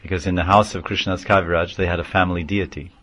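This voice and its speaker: Male spiritual teacher, lowish voice, explains terms, chants verses in a class. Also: little pitch movement, quick pace, a bit bright, no echo. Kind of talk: scripture class.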